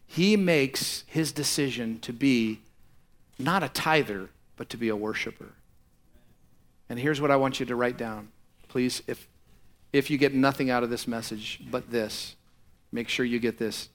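A man's voice: medium pitch, unhurried, pauses often. A middle-aged male pastor preaching a sermon, swinging from conversational asides to impassioned, pleading passages. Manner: impassioned, rising to near-shouts in prayerful passages.

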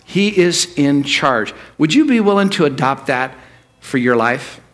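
Unhurried and expressive, a male pastor delivers his church sermon, alternating loud, emphatic high points with hushed, low asides.

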